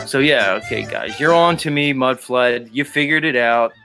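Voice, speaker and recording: A man's voice: medium pitch, normal speed, hardly any pauses. A man hosting a livestream in casual chat, laughing often, swearing and teasing his viewers. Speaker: livestream host. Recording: guitar music playing behind. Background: guitar music.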